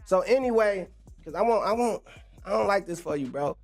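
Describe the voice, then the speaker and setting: A man's voice: high-pitched, expressive, a little fast, creaky, a little mellow, soft background music. A young man, ranting casually on a livestream, slangy and laughing often. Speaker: livestream host.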